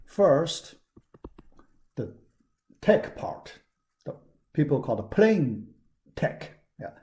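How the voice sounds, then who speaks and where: Man, university lecturer, slow, mellow, lively intonation, repeats words, many fillers. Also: on the high side. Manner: halting, frequent "yeah" and "all right" fillers; repeats key words for emphasis. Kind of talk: recorded classroom lecture.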